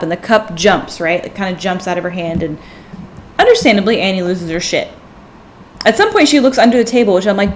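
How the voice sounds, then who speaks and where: A woman in casual podcast chat, recapping a film's plot step by step. She fills pauses with "um" and slips into quoted lines. Her pitch is typical for a woman, with a faint noise under the recording. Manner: chatty plot recap with acted quotes and fillers. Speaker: podcast host. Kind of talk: casual movie discussion.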